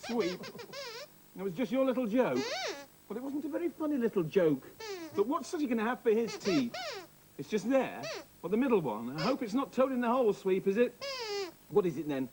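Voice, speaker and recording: A man's voice: high-pitched, sing-song, a little fast, pauses often, background noise. A man presenting a children's TV show in a playful, exaggerated and giggly way.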